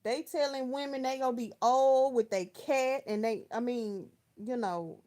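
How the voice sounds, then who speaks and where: A woman's voice: fairly high pitch, fairly even intonation, a little slow, warm tone. A woman around thirty from Texas, chatting casually on a livestream, telling stories in slang and answering viewers by name. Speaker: live chat host. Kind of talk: casual livestream chat, reading viewer comments.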